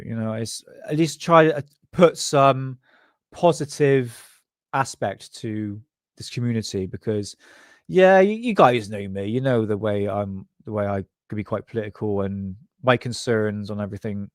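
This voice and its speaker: A man's voice: lowish voice, normal speed, dry recording, studio quality. A man from England hosting a casual livestream, rambling, sarcastic and self-deprecating. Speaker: host.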